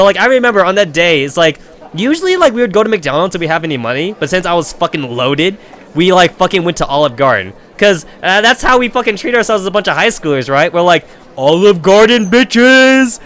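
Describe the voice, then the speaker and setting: A man's voice: fairly high pitch, fairly bright tone. A young adult man streaming a game and telling a rambling, profane story in a casual way.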